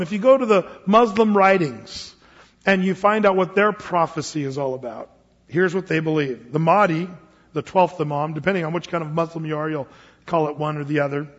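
Man, pastor, high-pitched; casual sermon style with stumbles; dull recording in an echoing sanctuary. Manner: conversational preaching with frequent restarts and fillers. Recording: dull lo-fi sound with long hall reverb.

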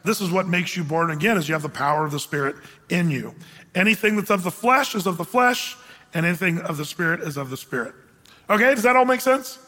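Bright high-voiced male pastor preaching. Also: animated, fast talker, long reverb tail. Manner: conversational, asks the congregation questions, reads scripture aloud. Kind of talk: verse-by-verse Bible teaching sermon.

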